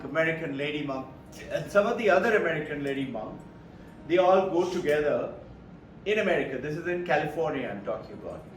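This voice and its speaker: A man from India, giving an informal, anecdotal spiritual talk. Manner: rambling, anecdotal storytelling. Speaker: spiritual speaker. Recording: echoey room from far off, low rumble.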